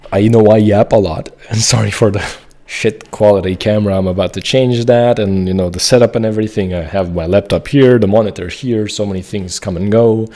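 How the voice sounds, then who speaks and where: A man's voice: on the low side, mellow. A man ranting to camera from his home desk about a game, frustrated and heated, apologizing along the way. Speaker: gaming video creator. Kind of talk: to-camera rant.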